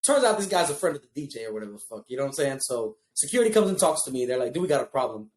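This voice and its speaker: A man telling a story in casual podcast chat, profane and animated. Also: medium pitch, very fast. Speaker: podcast co-host.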